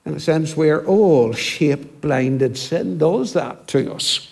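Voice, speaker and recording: Guy preaching a sermon, bit high voice, slow and thoughtful, goes quiet for emphasis. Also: creaky. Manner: reflective, slows down to stress scripture. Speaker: minister.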